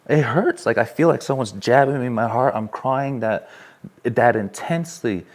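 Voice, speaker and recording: Speaking at a moderate pace in a mid-range voice, this workshop leader addresses a small live audience in a room. His talk mixes an earnest, candid story from his own life with questions put to those present.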